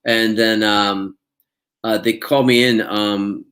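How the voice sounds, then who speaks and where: A male actor being interviewed chats casually, rambling with plenty of fillers and restarts and laughing often. His voice sits on the low side with a steady, fairly bright tone and a slow pace.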